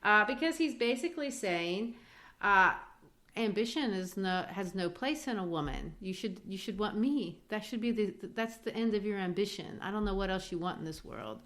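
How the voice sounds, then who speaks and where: Medium-pitched and a bit bright, her voice has lively intonation and normal speed. As a podcast co-host, she talks through a play thoughtfully and casually, altering her voice slightly when reading quotes aloud.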